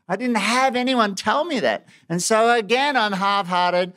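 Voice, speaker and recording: Man, sermon, clear resonant tone, fairly high pitch, laughs at himself. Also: a little slow. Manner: self-mocking, animated, laughs often. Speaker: preacher.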